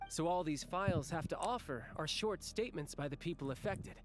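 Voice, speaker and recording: Guy doing a cocky chuckly young villain dude, bit high voice. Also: lively intonation, a little fast, a little hiss or hum, natural voice. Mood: playful. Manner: breezy, chuckling, commanding. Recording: game voice over faint music.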